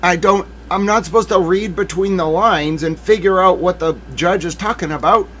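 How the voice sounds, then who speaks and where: A man's voice: high-pitched, moderate pace, a bit bright, slight background noise. A man hosting a live legal commentary stream, ranting with theatrical mock outrage and talking to himself in asides. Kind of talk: livestream commentary.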